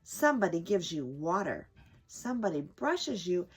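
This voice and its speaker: A woman's voice: on the low side, big pitch swings, normal speed, breathy edge, heavily acted. Woman reading as a preachy talkative squirrel. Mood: earnest. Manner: lecturing, earnest. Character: chatty preachy male squirrel outside a window.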